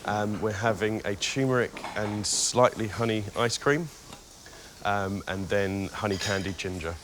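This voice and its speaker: A man's voice: lowish voice, a little slow, background noise. A man competing on a cooking show, explaining his dish with hesitant ums. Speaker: contestant. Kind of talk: interview answers. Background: background music.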